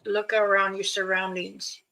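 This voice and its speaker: A woman hosting a casual livestream, giving slow, loosely strung warnings and advice to her viewers. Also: medium pitch, monotone, gravelly, pushed and bright, low-quality recording. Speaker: livestream host.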